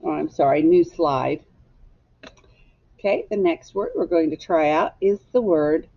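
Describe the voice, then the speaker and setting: A woman teacher leading a phonics lesson for young children, clearly drilling sounds and words for them to echo. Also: fairly low pitch, sing-song, unhurried, dull audio.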